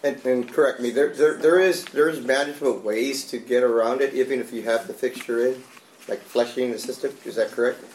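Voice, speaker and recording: A man's voice: medium pitch, steady tone, brisk, a little mellow. A man from a water division speaking up in a meeting, rambling and repeating his words. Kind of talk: meeting discussion. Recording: echoey room, faint noise.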